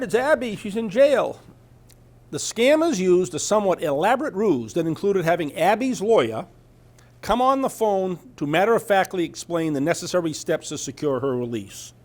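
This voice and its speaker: A man giving an informal talk about scams, reading from a news article with chatty asides and frequent "right?" checks. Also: sits high. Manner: chatty, asks "right?" often, trails off mid-sentence. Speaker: presenter at a scam awareness talk.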